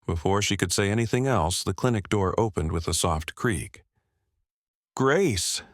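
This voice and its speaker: A man narrating a scripted story in a measured, even way. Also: low voice, no echo. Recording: dry close-miked voice-over.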